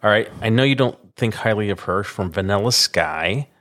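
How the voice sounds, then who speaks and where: A man's voice: fairly low pitch, expressive, normal speed, fairly bright tone. A man co-hosting a radio show, running through a list and laughing easily. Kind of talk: casual banter.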